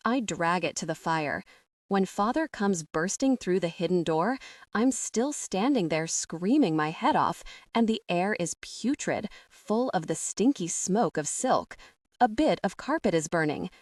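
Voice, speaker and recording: A woman narrating a fantasy audiobook in the first person, with a measured, expressive reading. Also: lowish voice, no echo. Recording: dry, somewhat distant from the mic.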